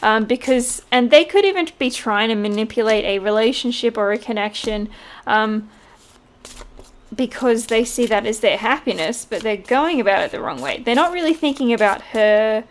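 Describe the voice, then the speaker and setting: A woman giving a casual tarot reading, chatty and quick to laugh. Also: on the high side, lively intonation. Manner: chatty, laughs often, mimics voices in quotes. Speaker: tarot reader.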